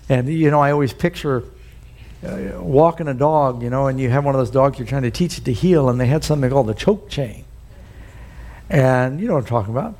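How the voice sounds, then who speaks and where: Preacher guy, mellow and warmish, tells homey stories in his sermon, leans into big points. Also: fairly high pitch. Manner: folksy storytelling with rising emphasis. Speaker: pastor.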